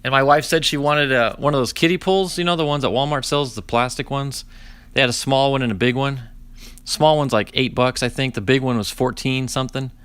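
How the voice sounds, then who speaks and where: A man in his forties, hosting a live card-opening stream, chatty and animated, telling stories with dry sarcasm and greeting viewers. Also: mid-range voice, a little fast, clear, resonant tone, dry recording. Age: 40s. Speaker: host opening card packs.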